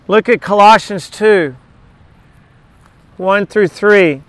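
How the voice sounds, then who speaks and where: A man's voice: high voice, slow, fairly bright tone, no echo. A middle-aged man leading a Bible study in an informal sermon, talking conversationally, repeating key words and slipping in jokes.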